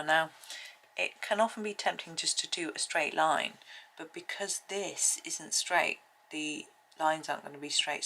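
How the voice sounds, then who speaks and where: A middle-aged woman with a low, gravelly voice that still has a bright edge. She rambles softly through a colouring tutorial and often sinks to a near whisper. Faint background hiss sits under the close mic. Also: low-quality recording. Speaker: colouring video host. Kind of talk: soft-spoken colouring tutorial chat.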